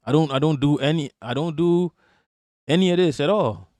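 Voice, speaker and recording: A man's voice: on the high side, normal speed, warm tone, no echo, studio quality. A man streaming live, giving sarcastic, profane commentary and answering his chat. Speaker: streamer reacting to a clip and chat.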